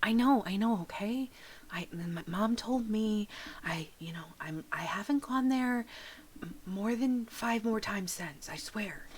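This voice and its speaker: A woman's voice: sits high, a bit bright, voice pushed up. A woman voicing an anxious young boy who sneaks off and begs not to be told on. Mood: whispered pleading. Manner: pleading, whiny, fast when nervous.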